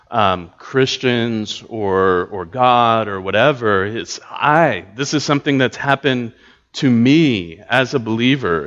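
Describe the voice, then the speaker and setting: A man's voice: medium pitch, a bit bright. A man teaching a Bible study class, talking thoughtfully with frequent ums and restarts. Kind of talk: teaching a class on reading Scripture. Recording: dull lo-fi recording.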